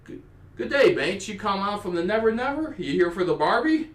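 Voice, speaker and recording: A man's voice: high voice, big pitch swings, fairly quick, pitched above the performer's own voice. A man voicing a cheerful male dwarf with an Australian accent, full of slang, in a roomy recording. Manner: boisterous, slang-heavy greeting. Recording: roomy echo.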